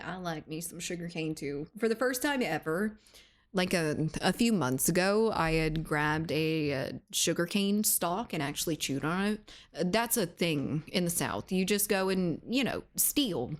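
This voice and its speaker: A woman from Latin America chatting casually and swearing freely while streaming a shooter game, often laughing. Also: medium pitch. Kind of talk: casual gaming stream chat.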